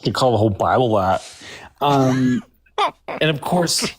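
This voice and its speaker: A man's voice: mid-range voice, expressive, unhurried, slightly rough. A man co-hosting a casual live podcast chat, talking in a chatty way with many fillers. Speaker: podcast co-host and Bible reader.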